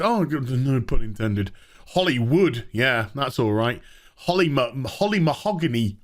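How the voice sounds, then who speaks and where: A man's voice: mid-range voice, fairly bright tone. A man reviewing a TV show in a sarcastic, swearing rant, laughing at his own jokes. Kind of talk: ranting casual commentary.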